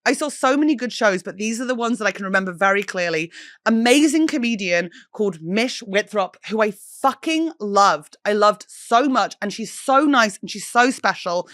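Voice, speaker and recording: An English woman in her thirties hosting a solo podcast, telling stories in an animated, chatty way, swearing freely and mimicking people. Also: mid-range voice, normal speed, no room sound, clean studio sound. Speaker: podcast host.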